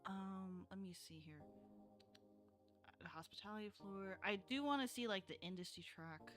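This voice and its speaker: A woman VTuber chatting casually on a live stream, rambling and filling pauses with frequent ums. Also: medium pitch, fairly bright tone, soft background music.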